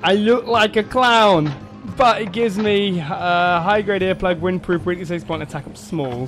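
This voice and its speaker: Brief: excitable male let's-player with a high voice, faint game music underneath. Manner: excitable, shouts and laughs at the game. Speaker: gameplay commentator. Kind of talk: let's play commentary.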